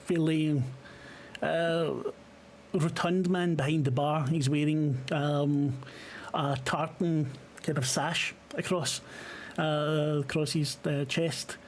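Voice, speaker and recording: A Scottish man running a tabletop horror game as game master, narrating in a halting way, full of fillers and the odd swear. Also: a little high, flat delivery, a little hiss or hum.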